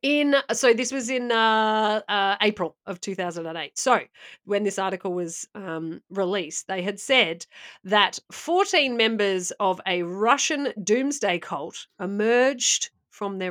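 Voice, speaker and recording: A woman's voice: mid-range voice, a little slow, a bit bright. A woman co-hosting a podcast, telling a story in a chatty, self-mocking way. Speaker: podcast co-host. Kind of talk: casual chat and storytelling.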